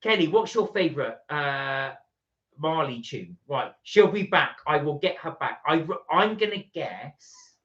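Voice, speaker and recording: A man's voice: on the high side, very animated, unhurried, a bit bright. A man co-hosting a live stream, chatting casually and reading viewer comments aloud. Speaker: livestream co-host. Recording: dull lo-fi stream audio.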